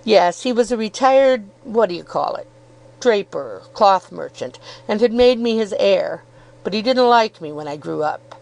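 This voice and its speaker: A woman's voice: mid-range voice, expressive, measured pace, creaky, a little mellow, rough recording. A woman voicing a good-humoured, cheerful young law student in an audiobook, chuckling and self-deprecating. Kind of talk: audiobook character reading.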